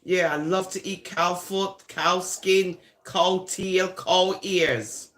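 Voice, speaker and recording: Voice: medium pitch, fairly even intonation, a bit bright. A speaker from Jamaica, delivering a teasing, taunting comic monologue and drawing words out. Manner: teasing, sing-song, drawn-out words.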